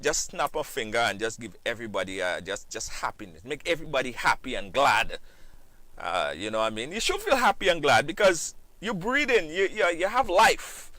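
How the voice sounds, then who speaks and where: Guy hosting a live stream, bright voice, all over the place pitch-wise, dry close sound. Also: no room sound. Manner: animated, repeats phrases, bursts into sung shout-outs. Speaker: live show host. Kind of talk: lively live-stream chat.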